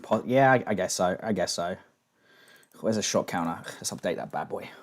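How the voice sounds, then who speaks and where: A man's voice: low voice, moderate pace. A man streaming live, chatting casually and swearing while reading chat aloud. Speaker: streamer reacting to clips.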